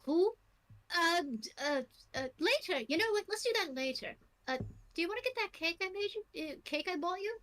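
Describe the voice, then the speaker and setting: Woman doing a male demon lord, flustered, evasive, hesitant, lots of fillers, high voice. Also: animated, brisk, fairly bright tone.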